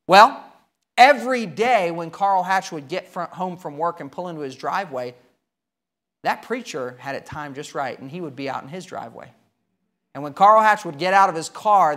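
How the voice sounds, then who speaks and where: A man preaching a sermon, telling a story with emphatic swings between loud and quiet. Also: a little high.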